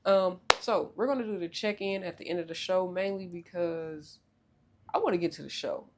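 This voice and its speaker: Loud joking woman podcast host. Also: normal speed, background noise. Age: young adult. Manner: loud, joking and profane, with big swoops in pitch. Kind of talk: casual chat.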